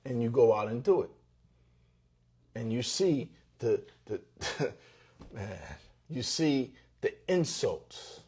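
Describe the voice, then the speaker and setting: A man hosting his own show, telling a motivational story in an animated way, with loud bursts and hushed asides. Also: mid-range voice, slow, pauses often, slight background noise. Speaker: host.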